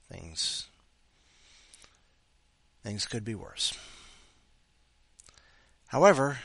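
Rambling, lively podcast host man. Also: low-pitched, husky, dry recording. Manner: rambling, playful, talks to his cat. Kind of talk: casual chat.

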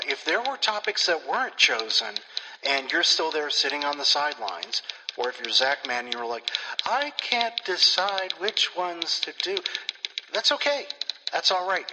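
A man hosting a weekly writing podcast, talking casually with wandering, self-deprecating asides. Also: on the high side. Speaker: podcast host. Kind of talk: casual, rambling podcast talk. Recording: long hall reverb, loud hiss. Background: typewriter loop.

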